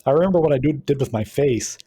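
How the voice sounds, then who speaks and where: Guy running a tabletop game, warm husky voice, laid back, keeps restarting his sentences. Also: mid-range voice, fast talker. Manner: relaxed, explanatory, with frequent restarts. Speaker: game master.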